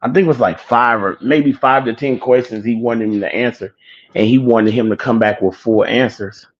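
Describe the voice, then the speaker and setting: A man's voice: mid-range voice, normal speed, muffled recording. Man rambling through a casual story. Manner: rambling, loose with filler. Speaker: show host.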